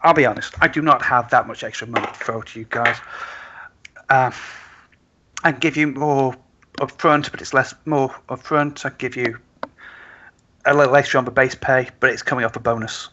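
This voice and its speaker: A man's voice: mid-range voice, steady tone, normal speed, sharp tone, highs cut off, a little hiss or hum, lightly acted. A man voicing a bitter, grudging woman fixer. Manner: grudging, blunt.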